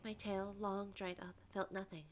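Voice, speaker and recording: A woman's voice: medium pitch, little pitch movement, moderate pace, a little hiss or hum. A woman reading a visual novel's narration aloud with wry casual asides. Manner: dramatic storytelling with wry asides.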